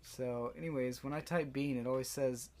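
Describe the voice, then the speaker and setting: A teenage boy co-hosting a casual comedy podcast, playful and quick to laugh. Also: mid-range voice, steady tone, a little mellow. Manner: giggly, playful. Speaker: podcast co-host. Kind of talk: casual chat.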